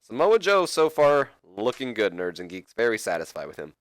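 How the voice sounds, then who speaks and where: A man hosts a let's play, talking his viewers through the game in a loose, rambling way, correcting himself and joking as he goes. His voice sits on the low side, and the recording is dry and close, with no room sound. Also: sing-song, moderate pace, no room sound. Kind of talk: casual gameplay commentary.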